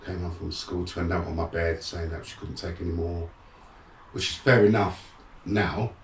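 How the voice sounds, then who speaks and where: A man's voice: sits low, normal speed, roomy sound, distant mic, slight background noise. A middle-aged man, a guest frankly telling his life story in a streetwise way. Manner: frank, streetwise, animated in re-enacted moments. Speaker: guest, motivational speaker. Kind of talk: candid personal storytelling.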